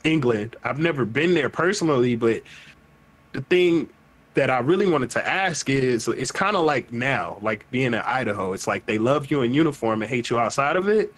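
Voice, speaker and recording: A man hosting a podcast in casual chat, animated, profane and emphatic as he talks with friends. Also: mid-range voice, normal speed. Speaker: podcast host.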